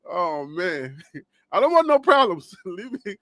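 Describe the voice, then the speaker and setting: Liberian-born guy hosting a sports stream, high voice, dry close sound, jokey and laughing a lot. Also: very animated, slow pace, a bit bright, no room sound. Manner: playful, laughing, teasing the chat. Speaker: host. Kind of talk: casual live-stream chat.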